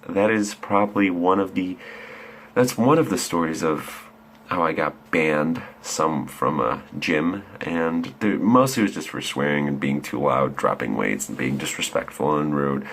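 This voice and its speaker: A man's voice: low-pitched, a bit bright, slight background noise. A young man in his late teens telling a rambling, profane story in a laid-back way. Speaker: vlogger. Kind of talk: casual storytelling.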